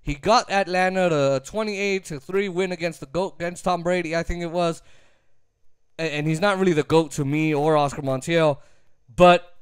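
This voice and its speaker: A man's voice: on the high side, fairly even intonation, normal speed, smooth, no echo, clean studio sound. A man giving an emphatic, opinionated sports talk rant, repeating his points and laughing easily. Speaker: sports commentator.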